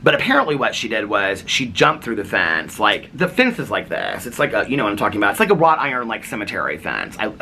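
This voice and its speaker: A man's voice: on the low side, huge pitch swings, fast, hardly any pauses, bright, forceful tone, slight background noise. A man vlogger telling a long casual story, rambling with many fillers and acting out what others said. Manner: rambling, lots of "like", quotes others in raised voice.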